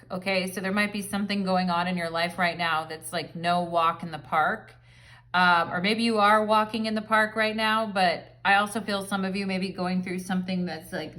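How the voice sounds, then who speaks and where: A woman talks to camera in a chatty, rambling way, filling her tarot reading with "like" and "um". She sounds relaxed and at home, speaking in a mid-range voice. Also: mid-range voice. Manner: chatty, rambling, filler-heavy. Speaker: tarot reader. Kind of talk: casual pick-a-card tarot reading.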